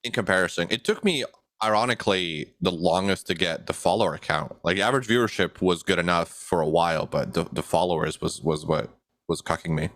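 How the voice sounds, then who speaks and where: Deep-voiced young man chatting casually. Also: fairly quick, dry recording. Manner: relaxed, chuckling, full of fillers. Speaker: podcast co-host and editor. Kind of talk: casual podcast chat.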